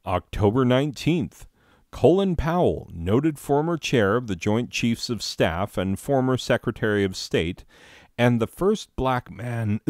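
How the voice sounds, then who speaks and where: Sarcastic low-voiced man hosting. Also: measured pace, darkish tone, dry recording, studio quality. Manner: sarcastic, mock-serious asides. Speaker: host. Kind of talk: comedic year-in-review monologue.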